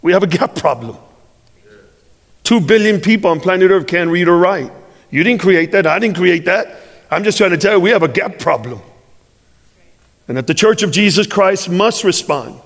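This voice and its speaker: A man's voice: high voice, expressive, moderate pace, pauses often, fairly bright tone, in a large hall. A male pastor telling a personal story in a sermon, acting out the dialogue and building to fervent preaching.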